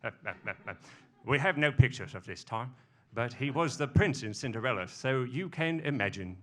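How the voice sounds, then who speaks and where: A man's voice: mid-range voice, animated, moderate pace, noisy background, natural voice. A man on stage impersonating a wry older actor with a London accent, clipped and hesitant. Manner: clipped, hesitant with repeated uhs.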